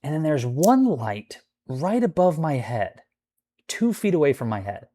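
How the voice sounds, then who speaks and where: A man's voice: fairly high pitch, sing-song, a little slow, dark tone. A man ranting casually about a roommate, rambling and swearing with lots of filler words. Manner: profane, rambling, full of "like" fillers. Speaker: vlogger. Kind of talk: casual storytime rant.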